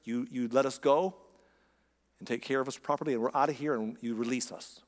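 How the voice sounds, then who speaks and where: A man's voice: mid-range voice, steady tone, fairly quick, long reverb tail, voice pushed down, close to an everyday voice. A man voicing a wronged soldier husband who speaks bluntly and indignantly, in a plain conversational tone.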